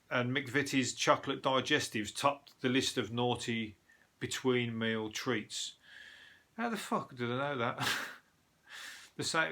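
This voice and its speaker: A man's voice: mid-range voice, sharp tone. A man with a Birmingham accent, a comedian hosting a show and rambling through news stories in a sweary, laughing monologue. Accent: Birmingham (Brummie). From Birmingham, England. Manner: sweary, rambling, laughs at his own jokes.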